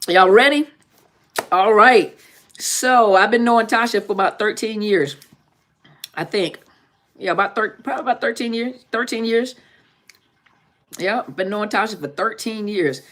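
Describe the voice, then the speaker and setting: A woman's voice: medium pitch, normal speed, long pauses, a bit bright. Joking woman therapist hosting a live chat. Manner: joking, repetitive, laughs often. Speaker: therapist and channel host. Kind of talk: casual live-stream chat.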